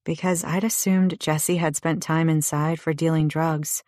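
A woman narrating a first-person audiobook in a measured, low and intimate way. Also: steady tone, darkish tone, no room sound, clean studio sound.

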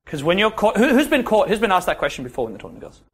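His high, husky voice races along with wildly swooping pitch as he coaches a dating workshop. He talks directly to the room, questions the attendees, and ends his points by asking "yeah?"

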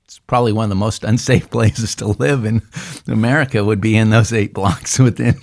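With a fairly low, creaky voice, a pastor moves fairly quickly through a casual discussion of a psalm. His speech is full of restarts and fillers that rise into animated quoting.

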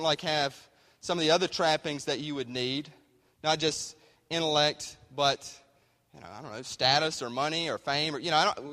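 A man's voice: on the high side, pushed and bright. A man preaching a sermon in a folksy, conversational way. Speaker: pastor. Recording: hall reverb.

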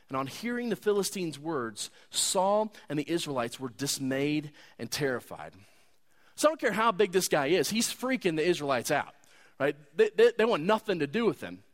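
A man preaching a sermon, retelling a story in a conversational, animated way. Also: on the high side, normal speed. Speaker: pastor.

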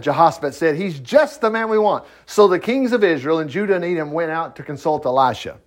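An older man with a somewhat higher voice gives an informal Bible lesson. He talks in a folksy way and acts out the characters' lines. His pitch swings widely as he goes. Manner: folksy, chuckling asides, paraphrases dialogue in voices. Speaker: bible teacher.

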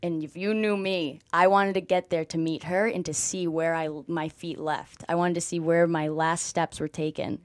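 A young woman, a guest on an interview show, telling her story with lively energy and acting out what people said. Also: fairly low pitch, normal speed, hardly any pauses, no echo. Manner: animated storyteller, acts out quoted dialogue, frequent "like". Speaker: guest, former college softball player. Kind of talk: conversational interview.

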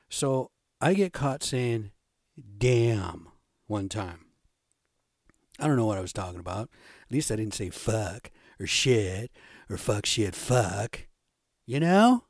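A man's voice: mid-range voice, darkish tone, no echo, clean studio sound. An older man from Indianapolis telling a profane childhood story in a blunt, rambling monologue, acting out the lines of the people in it. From Indianapolis, USA. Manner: blunt, swearing, shifting pace while acting out quotes. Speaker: podcast host.

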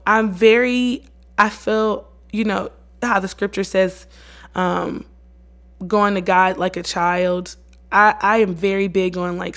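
Woman chatting on her faith podcast, real earnest, slangy and lively. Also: medium pitch, vocal fry. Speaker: podcast host and worship leader. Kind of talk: casual faith podcast monologue.

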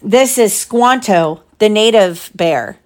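A mother reading a picture book to her little ones, with a mid-range voice in a gentle, chatty manner. She pauses now and then to point out the pictures and answer questions, then goes back to the story. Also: medium pitch, lively intonation. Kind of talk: picture book read-aloud.

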